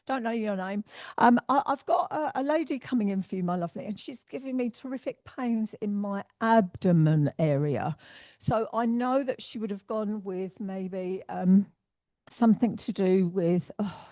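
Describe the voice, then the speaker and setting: A woman's voice: mid-range voice, dry recording. Chatty English woman medium, dry sound. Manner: warm, chatty, calls people darling and my lovely. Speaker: spiritualist medium. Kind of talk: giving spirit messages at a service. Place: spiritualist church service.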